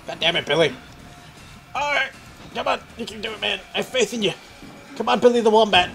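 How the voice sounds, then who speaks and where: A man giving joking, profane commentary while playing a horror game, yelping and shouting whenever something chases him. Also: high-pitched, expressive, fast, creaky, faint music behind. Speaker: let's play host. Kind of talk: casual horror gameplay commentary.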